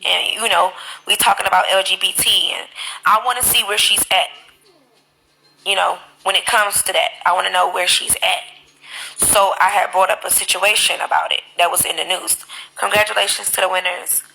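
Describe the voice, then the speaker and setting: A woman chats on her live stream, telling stories with plenty of swearing. Her voice is gravelly and edged with fry, and it has a bright, sharp tone. She talks straight into her phone. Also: medium pitch, normal speed, low-quality recording. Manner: animated, profane storytelling. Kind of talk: casual live-stream chat.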